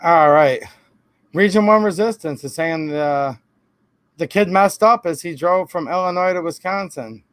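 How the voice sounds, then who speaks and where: A man's voice: fairly high pitch, unhurried, a bit bright, clear, resonant tone, no room sound. A man hosting a live stream, answering viewer comments in a rambling, emphatic way with defensive asides. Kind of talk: casual live-stream talk.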